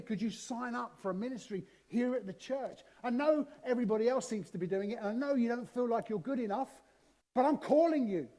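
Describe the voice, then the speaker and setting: A man, preaching a sermon in a church, telling stories with lively swings between loud and soft. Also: high voice. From southern England. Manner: animated storytelling, shifting loud and soft. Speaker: guest preacher.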